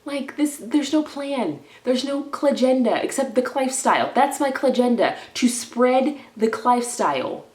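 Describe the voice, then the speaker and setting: A woman's voice: high voice, animated, measured pace, hardly any pauses. Stressed woman ranting in an echoey room. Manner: swings from mumbling to loud indignant outbursts; swaps playful made-up words into her speech. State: stressed and low. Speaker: vlogger. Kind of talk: rambling confessional vlog. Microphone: camera in front of her.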